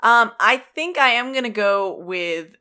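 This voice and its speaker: A young woman co-hosting a podcast, chatting casually over a card game, hesitant and quick to laugh. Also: on the high side, lively intonation, bright, forceful tone, clear, resonant tone. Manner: giggly, hesitant, trails off. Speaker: podcast co-host, judge.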